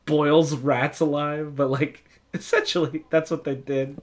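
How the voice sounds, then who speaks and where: A man's voice: fairly high pitch, unhurried. Chatty young man telling a story. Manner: animated, laughs often, lots of fillers. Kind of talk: casual storytelling.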